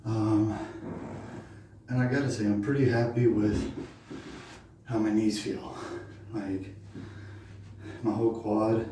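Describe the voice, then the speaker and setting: A man's voice: fairly low pitch, slow pace, long pauses, noisy background. Winded man talking through his workout. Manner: relaxed, thinking aloud with many fillers. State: out of breath. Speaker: vlogger doing a home workout. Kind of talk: casual workout talk to camera. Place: room at home. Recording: very echoey room, mic far off.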